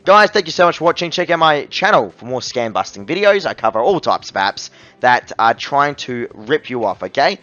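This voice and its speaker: A man's voice: mid-range voice, big pitch swings, normal speed, few pauses, sharp tone, no echo, lo-fi sound. A man reviewing a phone app in a voice-over, ranting angrily and scornfully about being ripped off. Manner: angry, exasperated, scornful ranting.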